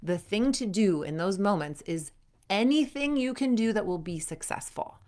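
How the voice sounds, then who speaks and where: A woman's voice: mid-range voice, animated, moderate pace, mellow. A young adult woman coaching athletes in a casual, chatty way, full of fillers and acted-out inner thoughts. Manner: chatty, frequent "like" fillers, acts out inner voices. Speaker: performance coach.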